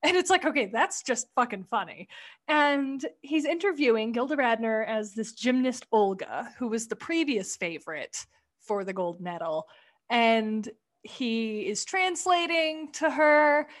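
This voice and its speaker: Blunt, animated woman in casual chat. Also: on the high side, a little slow. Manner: blunt, profane, animated retelling. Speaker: podcast co-host.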